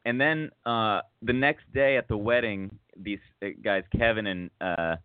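Male host, rambling anecdote style, mid-pitched, dry tinny line. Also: measured pace, smooth, no room sound. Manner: rambling, self-mocking, many fillers and restarts. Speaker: podcast host. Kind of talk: casual storytelling chat. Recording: tinny phone-like sound.

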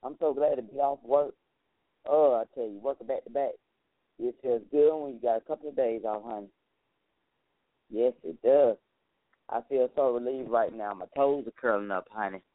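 Sounding somewhat weary, the talk show host chats with his listeners in a folksy monologue, addressing them as honey. He speaks at medium pitch and a moderate pace, pausing often. There is no echo; the audio is dry and tinny, like a phone line.

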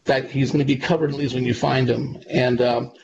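A man's voice: mid-range voice, little pitch movement, fairly quick. A man, a psychic medium guest, telling long earnest stories in a casual interview, with frequent fillers and restarts. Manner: rambling, earnest, many fillers. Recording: dull lo-fi with clear background noise.

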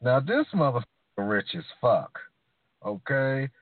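A man co-hosting a podcast, trading casual profane opinions and slowing down to stress his points. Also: medium pitch, very animated, no echo. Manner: drawling, opinionated, slows down for emphasis. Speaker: podcast co-host. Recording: dry, tinny phone-like sound.

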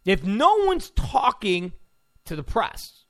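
A man's voice: high-pitched, huge pitch swings, slow, fairly bright tone. A man ranting sarcastically as a political commentator, mocking and full of insults.

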